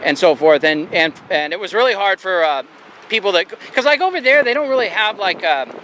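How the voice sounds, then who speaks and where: Chatty man, bright high voice, outdoor camera audio with faint traffic behind. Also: lively intonation, a little fast. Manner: chatty, rambling, laughs often. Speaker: YouTube auditor filming in public. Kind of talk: casual chat to camera and with an officer. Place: outdoors on a sidewalk by a road. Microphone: handheld camera mic.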